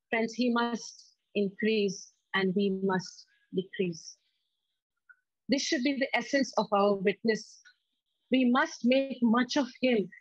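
A woman preaching a sermon, reading scripture slowly and emphatically and leading the congregation to repeat lines. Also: mid-range voice, dry recording, lo-fi sound. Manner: slow, emphatic scripture reading with call-and-response.

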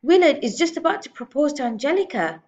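A woman reading a storybook aloud, voicing a rude, impatient mother in a high, shrill voice. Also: very animated, fairly quick, a little mellow, slightly rough, recorded from a distance, dull audio.

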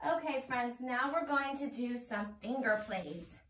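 A woman reading a picture book aloud to children in a gentle, sing-song way. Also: fairly high pitch, measured pace. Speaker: children's storyteller. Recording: roomy, heard from a distance.

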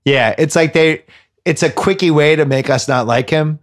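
A man co-hosting a casual movie podcast, animated and quick to act out quotes. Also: on the high side. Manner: animated, acts out quotes, swears freely. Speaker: podcast co-host.

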